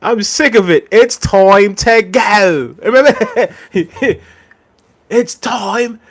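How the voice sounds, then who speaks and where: A man putting on an impression of a stubborn male football pundit who scolds in an indignant, drawn-out, shouty way. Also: high voice, voice pushed up, exaggerated voice. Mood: fed up.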